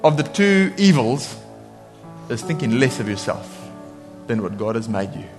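A man preaching a sermon in a lively way, laughing often and acting out voices when he quotes people. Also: medium pitch, measured pace, soft background music.

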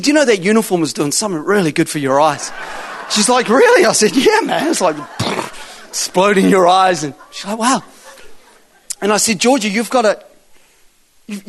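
A man preaching and telling lively stories, acting out both sides of conversations with loud bursts. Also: high-pitched. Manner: animated storyteller acting out dialogue, loud bursts. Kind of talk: sermon storytelling.

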